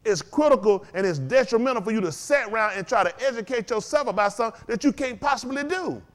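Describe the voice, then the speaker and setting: A man preaching a sermon to a congregation, firing questions at the crowd and swinging between loud and low. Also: animated, quick pace. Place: congregation hall.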